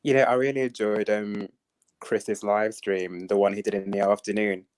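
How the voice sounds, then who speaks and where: An eager young man chats into a live stream through his phone's microphone, excitable and quick to laugh. His voice sits on the lower side for a man. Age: young adult.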